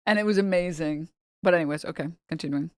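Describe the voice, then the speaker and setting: A young woman streamer chatting and joking through a reaction, laughing often between thoughts. Her voice sits fairly low for a woman, and the recording is dry and close to the mic. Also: fast, clear, resonant tone, no room sound. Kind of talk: casual reaction commentary.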